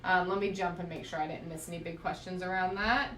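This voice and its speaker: A woman's voice: on the low side, steady tone, fast, a bit bright, far from the mic, a little hiss or hum. Chatty woman teaching quilting, echoey room. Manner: chatty, frequent "right?" check-ins. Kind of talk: live-streamed quilting lesson.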